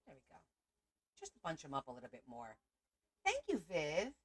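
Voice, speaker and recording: A middle-aged woman chats casually on a livestream, rambling from one story to the next and greeting viewers by name as they arrive. Her voice sits a little low for a woman. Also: wildly swooping pitch, normal speed, breathy edge. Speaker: livestream host.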